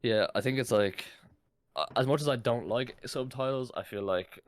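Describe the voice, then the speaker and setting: A man's voice: mid-range voice, normal speed, dry recording. A young man co-hosting a podcast in casual chat, rambling with lots of "like" and swearing freely. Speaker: podcast co-host.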